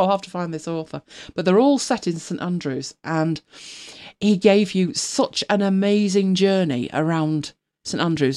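A woman's voice: low voice, mellow. Chatty woman in her fifties. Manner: chatty, rambling, laughs often, drops to a whisper at times. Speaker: podcast co-host. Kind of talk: casual chat.

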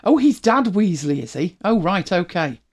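A woman's voice: on the low side, big pitch swings, normal speed, slightly rough. Chatty woman with a mild Manchester accent. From England, Manchester. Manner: chatty, rambling, laughs often. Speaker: host. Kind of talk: casual chat, reading listener comments.

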